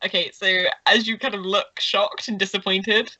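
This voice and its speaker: Woman game master, casual and giggly, bright and tense tone, dry close mic. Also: medium pitch, fairly even intonation, moderate pace, no room sound, highs cut off. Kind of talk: narrating a tabletop game.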